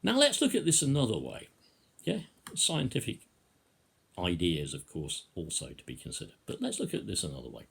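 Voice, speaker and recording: Gravelly, sarcastic man. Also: low-pitched, wildly swooping pitch, fairly bright tone. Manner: sarcastic, mock-rhetorical, with drawn-out emphasis. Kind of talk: opinionated monologue.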